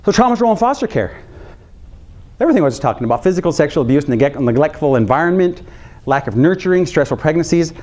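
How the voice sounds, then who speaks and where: Male psychologist, lecture delivery, voice on the higher side, emphatic and repetitive. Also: fast talker. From United States. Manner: animated, repeats phrases for emphasis, jokes with the audience. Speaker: health psychologist giving a training talk. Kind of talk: conference lecture to counselors.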